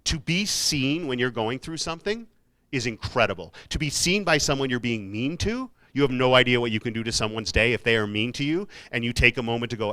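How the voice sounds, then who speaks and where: A man's voice: mid-range voice, lively intonation, fairly quick, sharp tone. A man giving a casual, jokey motivational talk to students, with self-mocking asides, speaking in a university hall. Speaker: keynote speaker.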